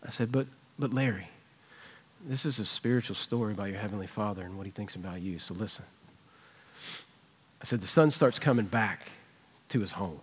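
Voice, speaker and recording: A man's voice: mid-range voice, lively intonation, moderate pace, long pauses, slightly rough. A man preaching a sermon in a church, conversational and earnest as he retells a personal story. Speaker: pastor. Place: church sanctuary.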